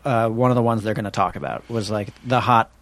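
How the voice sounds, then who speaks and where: A man's voice: fairly low pitch, fast talker, a bit bright. A man co-hosting a casual podcast, teasing the guest in a dry, joking way. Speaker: podcast co-host. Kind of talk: casual chat.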